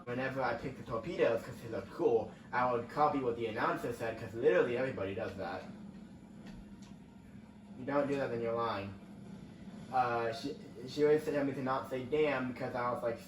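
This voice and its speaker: This young gaming host pauses often while rambling at normal speed in a medium-pitched voice, reacting to a racing game he's playing for his channel. The casual let's-play is captured on a roomy, distant mic with faint ambience and a little hiss or hum.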